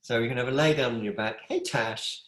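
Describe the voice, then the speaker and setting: A middle-aged yoga teacher leads a live online class over a video call from a room at home with a wood stove, chatty, affectionate and rambling. His mid-range voice is a little fast and fairly bright, with a roomy sound.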